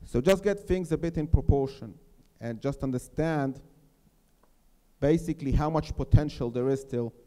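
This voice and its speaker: A middle-aged man on a panel speaking earnestly to a live audience, slowing down to press his key points. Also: a little high, dark tone. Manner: earnest, persuasive, slows to stress key points. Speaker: settlement mayor on a panel. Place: lecture hall. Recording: reverberant hall.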